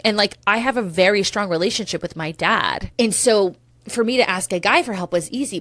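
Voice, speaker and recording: Her voice is mid-range and fairly bright, recorded with no echo. She's in her thirties and hosts a podcast alone, speaking openly and with feeling, dropping casual swear words and drifting onto side topics.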